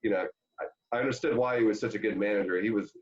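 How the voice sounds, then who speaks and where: A man's voice: fairly low pitch, quick pace. Rambling man telling baseball stories. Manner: rambling, animated anecdotes with many fillers. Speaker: former pro baseball player, guest. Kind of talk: casual storytelling interview. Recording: dull lo-fi sound.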